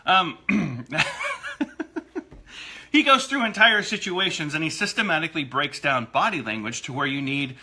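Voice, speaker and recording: A man's voice: a little high, lively intonation, moderate pace, pushed and bright. A man co-hosting a casual talk show about marriage, self-deprecating and laughing often. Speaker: co-host and producer. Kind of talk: casual chat.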